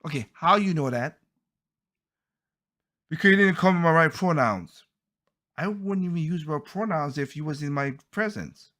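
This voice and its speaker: A man's voice: on the high side, moderate pace, pauses often, a bit bright. A man hosting a podcast, giving heated, blunt opinion commentary and often stumbling over and repeating his words. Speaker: podcast host.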